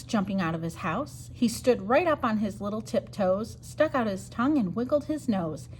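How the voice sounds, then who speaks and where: A woman reading a rhyming picture book aloud for storytime, sing-song and expressive. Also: medium pitch, moderate pace, few pauses, a little hiss or hum. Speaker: storytime reader.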